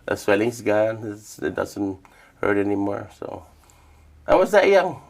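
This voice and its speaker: Low gravelly man telling stories. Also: a little slow. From Northern Mariana Islands. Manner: relaxed, acts out quoted voices in storytelling. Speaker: humanities awardee, traditional healer. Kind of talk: interview storytelling.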